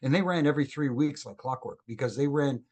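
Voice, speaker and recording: A middle-aged man, a former wrestling referee, telling lively stories as a guest on a casual podcast. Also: medium pitch, fast talker. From Canada. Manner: lively anecdotal storyteller who acts out quoted dialogue.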